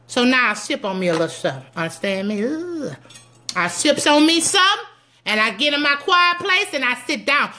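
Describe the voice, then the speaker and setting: A middle-aged woman giving sassy, teasing comedic church advice to her viewers, animated and preachy with loud whoops. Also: high voice, fairly quick. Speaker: comedic commentator addressing live viewers.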